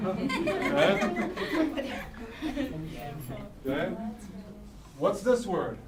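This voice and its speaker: A man with a Philadelphia accent teaches a class in a slightly high, expressive voice at a measured pace, constantly checking in with "okay?" and "right?" The mic is far off in an echoey classroom, with crowd noise and faint room sound.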